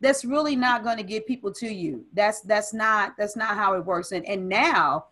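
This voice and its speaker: Casting: woman business coach, interview guest, emphatic and driving, mid-pitched voice. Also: moderate pace, a bit bright. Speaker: personal development coach and business strategist. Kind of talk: casual interview conversation.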